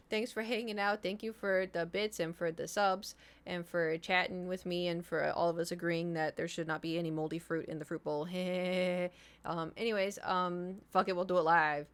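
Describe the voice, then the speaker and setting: A woman's voice: on the low side, clear, resonant tone. A young woman streaming, chatting casually with her viewers, rambling and self-deprecating, trailing off mid-thought.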